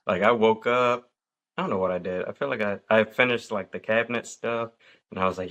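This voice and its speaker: A man in his thirties hosting a casual podcast chat, telling stories with lively acted-out quotes. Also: lowish voice, brisk. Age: 30s. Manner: animated storyteller acting out quotes. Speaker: podcast host.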